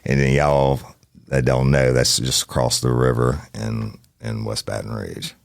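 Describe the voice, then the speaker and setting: A man's voice: very deep voice, flat delivery, unhurried, vocal fry, no room sound. A man hosting a true crime podcast in a studio, talking in a blunt, folksy way and swearing casually. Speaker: podcast host.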